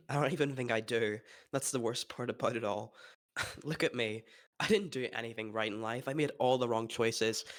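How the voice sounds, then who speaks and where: A man playing his character in a tabletop role-play, talking haltingly and despairingly, with nervous laughs. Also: medium pitch. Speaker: player.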